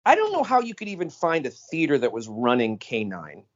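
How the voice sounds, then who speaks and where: Animated man on a lo-fi call. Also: a little fast. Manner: animated, jumps pitch when quoting people. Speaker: podcast co-host. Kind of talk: casual chat. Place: on a phone call.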